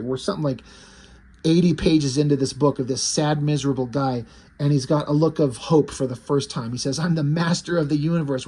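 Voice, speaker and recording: Husky guy raving about a comic book, casual and excited, kinda high voice. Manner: enthusiastic, casual, swears. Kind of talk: casual book review retelling.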